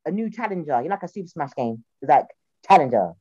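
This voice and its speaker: A woman's voice: low voice, racing, no echo, lo-fi sound. A young woman with a South London accent chatting casually, telling stories and acting out quoted voices. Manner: animated storyteller, acts out quotes in voices. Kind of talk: casual chat.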